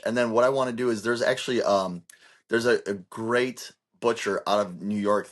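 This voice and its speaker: A man with a lowish voice talks through ideas in a loose, casual podcast chat. He rambles, restarts his sentences and leans on filler words as he goes. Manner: rambling, restarts often, heavy use of "like". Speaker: podcast co-host.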